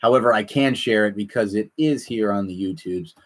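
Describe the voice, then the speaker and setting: A man hosting a casual chat, rambling and animated, often repeating himself. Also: fairly low pitch, fairly quick. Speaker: podcast host.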